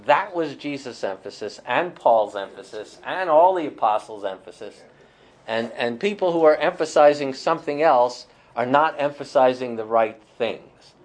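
A man's voice: mid-range voice, animated, normal speed. Man teaching a small Bible study. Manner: thoughtful, with many fillers and restarts.

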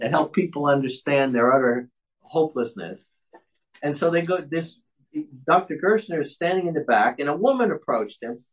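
A man, a pastor, talking earnestly and emphatically about preaching in a relaxed conversation. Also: a little high, low-quality recording.

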